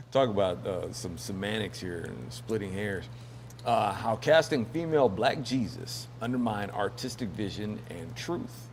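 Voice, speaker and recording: A man's voice: lowish voice, a little hiss or hum. A man hosting a casual news commentary show, rambling and joking with lots of fillers and laughs. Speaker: host.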